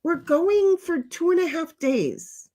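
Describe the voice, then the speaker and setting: A woman's voice: very high voice, expressive, slow pace, mellow. An older woman hosting a casual livestream chat, reading out comments and rambling bluntly with some profanity.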